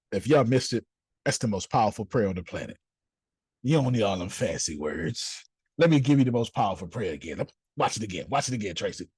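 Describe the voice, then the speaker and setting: A man's voice: on the low side, a little mellow, slightly rough, no room sound. A man teaching a group class in a preachy, playful way, acting out little scenes, with speech. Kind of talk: animated group teaching talk.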